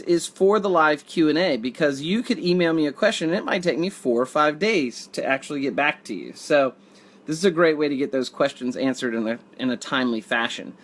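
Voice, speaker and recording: A man hosting a casual live video, reading viewer comments and joking in a rambling, dry way. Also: on the high side. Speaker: livestream host.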